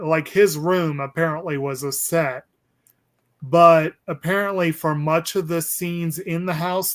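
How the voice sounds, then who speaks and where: Slow, rambling man hosting a movie chat. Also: a little high, a bit bright. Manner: rambling, hesitant, many ums and restarts. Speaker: podcast host. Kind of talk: casual movie discussion.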